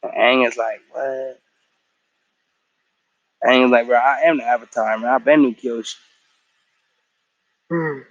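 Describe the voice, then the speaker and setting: A man's voice: mid-range voice, fairly even intonation, unhurried, pauses often, no room sound, dull audio. A tired man in a casual episode recap after a work shift, slangy and profane, acting out the characters' lines as he retells the story. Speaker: show recap vlogger.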